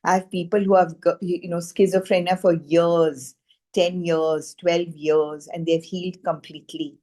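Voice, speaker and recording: A woman telling a personal healing testimonial in an earnest, animated way, with many "you know" fillers. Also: on the low side, normal speed. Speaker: frequency healing practitioner.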